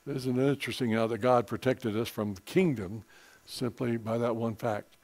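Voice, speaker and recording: A man's voice: medium pitch, fairly even intonation, moderate pace, darkish tone. A man preaching a Bible sermon in a folksy, rambling way full of personal asides.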